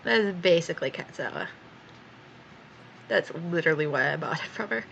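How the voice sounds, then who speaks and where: A woman's voice: sits low, expressive, moderate pace, gravelly, a bit bright, muffled recording, a little hiss or hum. A young woman chatting casually while she draws on stream, swearing freely and laughing often as she tells stories. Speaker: art streamer.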